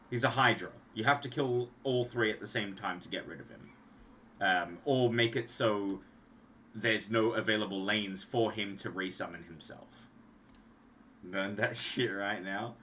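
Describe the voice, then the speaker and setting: Young man, casual streamer, rambling delivery, lowish voice, bright edge, faint hiss. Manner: rambling, trailing off and restarting. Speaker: streamer and card game designer. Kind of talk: casual livestream talk.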